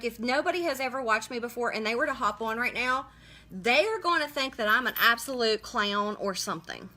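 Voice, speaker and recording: A chatty woman runs a live makeup tutorial, talking viewers through each step and greeting them by name as they join. Her voice sits a little high and sounds bright and forceful. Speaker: makeup livestream host.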